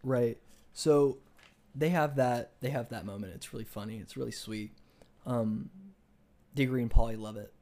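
A young adult man co-hosts a casual podcast, retelling a book in a rambling way full of restarts and filler words. His voice is mid-range and his pace normal, and he gets excited when he argues about ideas.

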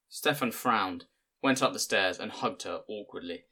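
A man narrating an audiobook in a measured, plain storytelling manner. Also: fairly low pitch, sharp tone.

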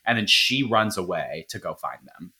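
Bright-voiced man recapping a film. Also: sits low, normal speed. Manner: profane, animated retelling with quoted voices. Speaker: podcast co-host. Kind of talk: casual movie recap chat.

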